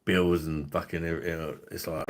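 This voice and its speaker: A man's voice: low-pitched, level tone, normal speed, slight background noise. A man, hosting a drinks review livestream in a rambling, profane, laughing way. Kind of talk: casual livestream chat.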